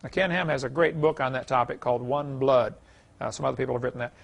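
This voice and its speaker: This middle-aged man talks fast in a gravelly, medium-pitched voice. He's a creation seminar speaker lecturing in a lecture hall, folksy and chuckling at his own stories.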